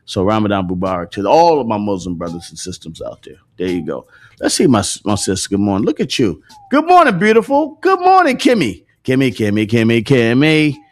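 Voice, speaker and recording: A man's voice: fairly low pitch, lively intonation, a little fast, a little mellow. Laughing, profane male stream host. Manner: joking, laughs often, profane slang. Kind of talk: casual livestream chat.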